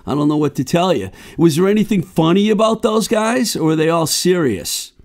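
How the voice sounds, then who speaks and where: A male podcast host with a fairly high, gravelly voice. He talks casually and enthusiastically, laughing along with his guest. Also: lively intonation, fairly quick. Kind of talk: casual interview chat.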